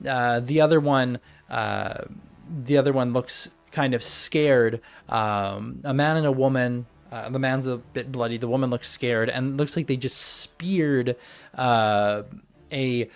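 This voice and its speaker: A man's voice: medium pitch, a little slow, creaky, smooth, soft background music. A young man narrating as game master on a voice call, rambling with many fillers and restarts.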